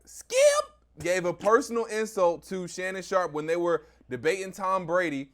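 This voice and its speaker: A man's voice: high voice, big pitch swings, normal speed. A man, a sports radio personality, debating sports media in a confident, emphatic, point-by-point way.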